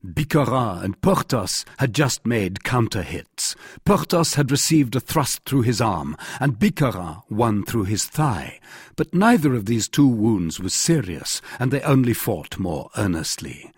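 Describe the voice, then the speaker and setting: Male narrator, husky, animated pitch, dry close recording. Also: a little slow, no echo. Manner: lively dramatic reading, rising pitch on quoted speech. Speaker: audiobook reader. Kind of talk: scripted narration.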